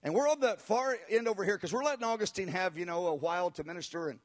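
Middle-aged male preacher, high-pitched voice, animated storytelling, acts out quotes, sermon. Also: fast.

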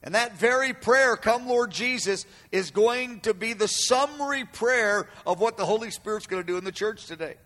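A man preaching a sermon to a room, emphatic, repeating his phrases and stretching quoted cries out loud and slow. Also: sits high. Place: room with an audience. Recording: long hall reverb.

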